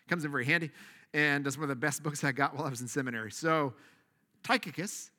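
A man preaching a sermon, leading a soft prayer and then teaching in a casual, animated way with asides. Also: on the high side, fast, in a large hall. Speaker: pastor.

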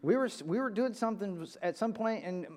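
A man preaching a sermon from a church pulpit, emphatic, jumping from loud high bursts to quiet low lines. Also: lively intonation, fairly quick. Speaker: pastor. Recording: reverberant church hall.

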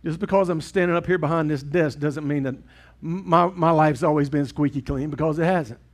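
A middle-aged man preaching a sermon in a church, earnest and swinging from loud to hushed. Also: fairly high pitch, brisk. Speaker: pastor. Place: church sanctuary with congregation.

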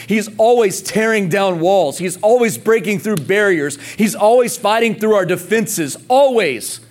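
A man preaching a sermon, passionate and emphatic, repeating phrases and calling on the congregation to respond. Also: high voice. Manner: emphatic repetition. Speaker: pastor.

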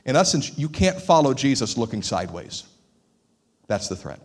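A man preaching a sermon as pastor, in an animated, conversational way. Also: medium pitch, normal speed, husky. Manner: animated, conversational, acts out quoted voices.

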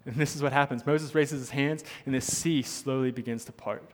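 A man's voice: mid-range voice, fairly even intonation, fairly quick. Earnest preacher man, hall reverb. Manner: earnest, repeats points for emphasis. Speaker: pastor. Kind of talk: sermon.

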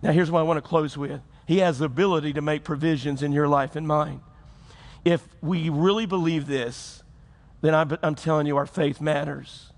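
A man's voice: fairly high pitch, fairly even intonation, moderate pace. A man preaching a folksy sermon to his congregation. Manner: folksy, preacherly, with acted-out quotes and rising emphasis. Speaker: pastor. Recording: loud music behind. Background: loud music.

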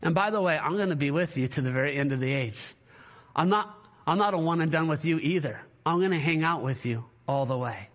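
Pastor preaching live, male, high and bright voice, animated, talks over a stage mic in a church. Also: a little fast. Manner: animated, repeats words when worked up, jokes with the congregation. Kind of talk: sermon. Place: church sanctuary.

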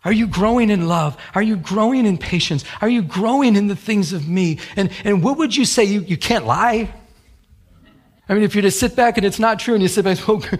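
A middle-aged man, a pastor, preaching a sermon in church with animated storytelling and acted-out quotes. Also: high voice, a little fast. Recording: radio broadcast of a sermon.

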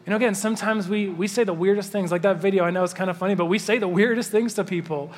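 A man with a high voice preaches to a congregation, loose and conversational. He slows down and leans into each passage he reads aloud. His voice rings out with a long reverb, as in a large church hall. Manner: conversational, animated, slows down to read scripture. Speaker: pastor. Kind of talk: sermon.

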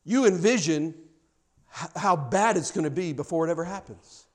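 A male pastor preaching a sermon, telling stories with lively repetition and building to a forceful cadence. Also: a little high, moderate pace. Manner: animated storytelling, repeats phrases for emphasis.

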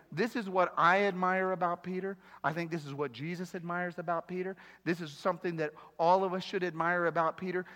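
A male pastor preaching an animated sermon, acting out voices and joking with the congregation. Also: sits high. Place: church sanctuary. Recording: live sermon with long hall reverb.

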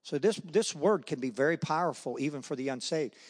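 A middle-aged guest speaker gives a personal testimony at a men's breakfast, telling stories and acting out voices. He talks fairly quickly in a fairly high voice, and the hall is echoey.

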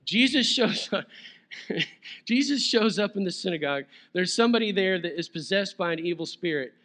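A man's voice: high-pitched, animated, moderate pace, fairly bright tone. A man preaching a sermon as pastor, conversational and playful, chuckling now and then.

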